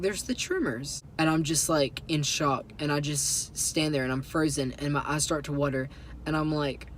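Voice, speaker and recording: Young guy rambling thru an awkward story, lots of um and like, faint hum behind. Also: fairly high pitch. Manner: sheepish, self-deprecating, heavy on fillers. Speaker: vlogger. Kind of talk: casual storytelling.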